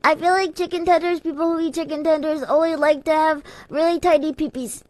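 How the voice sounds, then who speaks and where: Casting: woman playing a high, childish seven-year-old, rambling and cheeky, prank call. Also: fairly even intonation, fairly quick, a little mellow, no echo, natural voice. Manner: rambling, childish, innocent-sounding. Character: pushy seven-year-old kid prank-calling to order food. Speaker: prank caller.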